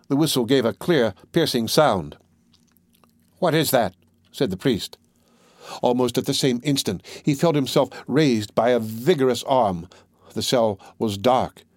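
A man narrating a classic novel in a measured, even reading style. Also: medium pitch, no echo, studio quality. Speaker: audiobook reader.

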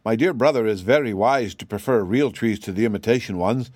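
A man's voice: on the low side, a little fast, a little mellow, husky, dry recording, studio quality. A man voicing an anxious, devoted grown man who is searching for his lost brother. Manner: anxious, pleading.

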